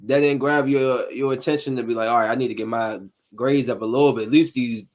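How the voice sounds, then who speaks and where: A man in his thirties hosting a casual podcast panel, telling animated stories in slangy talk and acting out the quotes. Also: medium pitch, fast. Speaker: podcast host.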